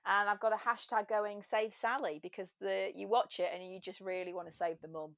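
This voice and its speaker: A woman's voice: medium pitch, fairly even intonation, fairly quick, gravelly, a bit bright, no echo. An English woman chatting animatedly as a podcast guest, telling stories and slipping into little voices. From England. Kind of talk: casual chat.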